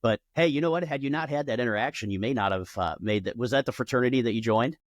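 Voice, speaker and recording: A male podcast host interviewing a guest, friendly and quick to agree and laugh. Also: medium pitch, no echo, studio quality. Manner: friendly, affirming, laughs easily. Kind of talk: casual interview.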